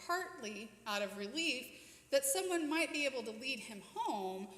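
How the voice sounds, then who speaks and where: A woman with a fairly high voice leads children's story time during a church service, telling the story warmly and expressively while inviting volunteers. Recorded in the church sanctuary, the sound carries long, echoey reverb.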